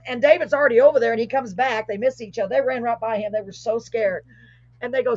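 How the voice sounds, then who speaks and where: A middle-aged woman hosts a live show, telling a ghostly story with growing excitement and an animated voice. Her voice is husky and a little breathy. The sound is muffled and lo-fi, like a live stream. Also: a little high, fairly quick, no room sound. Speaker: host. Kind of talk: casual storytelling, paranormal tale.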